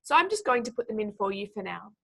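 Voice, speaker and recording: Gravelly-voiced woman tutor. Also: medium pitch, sing-song, fairly bright tone. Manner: slow, drawn-out syllables when modeling words. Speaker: speaking tutor. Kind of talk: exam pronunciation lesson.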